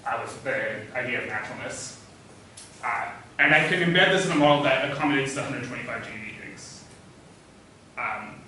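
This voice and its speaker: A man lecturing with a bright, fairly high voice, pausing often on "uh" as he works through his points. He sounds distant from the microphone, and the room adds a strong echo. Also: a little hiss or hum. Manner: hesitant, many "uh" fillers, thinking aloud. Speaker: physics lecturer. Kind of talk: academic talk. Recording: echoey hall, voice from far off.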